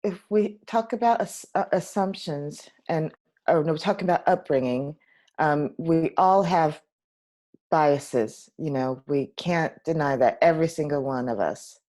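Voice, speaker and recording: A woman guesting on a podcast, speaking reflectively and pausing with fillers as she corrects herself. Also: deep voice, a little mellow. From United States. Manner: thoughtful, hesitant, corrects herself. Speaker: podcast guest, film director. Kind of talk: reflective conversation.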